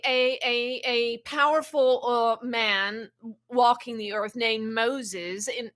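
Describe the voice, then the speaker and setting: A woman channeling an ancient wise spirit in a spiritual teaching talk, speaking slowly and haltingly and often repeating words. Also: on the high side, bright, forceful tone. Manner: slow, halting, repeats words while searching.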